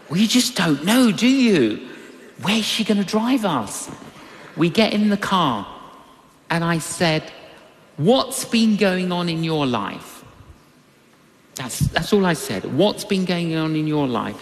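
A man's voice: fairly high pitch, takes it slowly, slight background noise. An older man preaching a sermon, telling a personal story and acting out the voices of people in it. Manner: animated storytelling, acts out voices in quotes. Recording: long reverb of a large hall.

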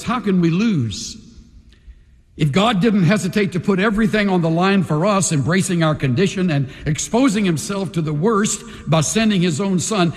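A man preaching in a large church sanctuary, his voice high and swinging widely up and down. He drags each phrase out slowly and leans hard on key words, with dramatic pauses. A long reverb hangs behind every line. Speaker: pastor. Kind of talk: sermon with altar call.

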